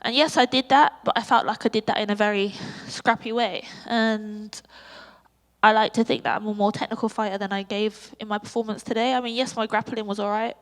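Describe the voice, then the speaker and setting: At a post-fight press conference in a large hall, an English woman fighter with a squeaky voice talks about herself critically, using many ums. Her tone is steady and her pace fairly quick.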